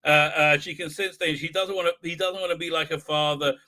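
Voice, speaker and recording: A man hosts a live stream, recapping an episode in a rambling, sarcastic way. He leans heavily on fillers and repeats himself. His voice is very bright and sharp, and it sits a little high. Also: steady tone, quick pace. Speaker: host.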